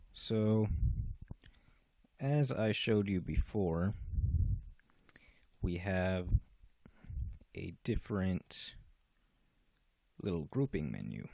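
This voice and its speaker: A man with a deep voice and a gravelly edge walks through the menus of a program he built. He explains in a loose, casual way, with fillers and restarts. The sound is dry and close, with no room around it. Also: a little mellow, no room sound. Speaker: game developer demoing his software. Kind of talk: casual software walkthrough.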